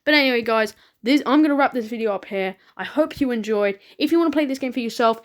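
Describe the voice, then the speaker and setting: A woman's voice: fairly high pitch, fast. A woman hosting a let's play, casually reading a text game aloud with chatty asides and feeling in the dialogue, her throat sore.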